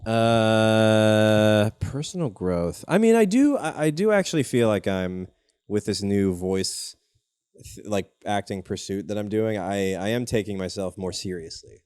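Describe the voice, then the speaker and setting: Young male comedy podcast host, lowish voice, dry close sound, animated storyteller. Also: measured pace, clear, resonant tone, no echo. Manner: animated storytelling, swears, jumps up in pitch when telling anecdotes. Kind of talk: casual comedic chat.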